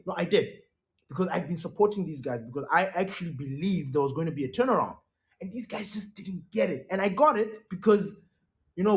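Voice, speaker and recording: A young man hosts a casual solo podcast, his voice sitting a touch high for a man. He talks with animated emphasis and repeats words to drive each point home. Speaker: podcast host.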